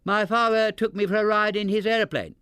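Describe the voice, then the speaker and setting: A man's voice: high voice, fairly quick, pushed and bright, clear, resonant tone, dry recording, studio quality, voice pushed up. A man voicing a boastful young boy bear with an eager, bragging manner.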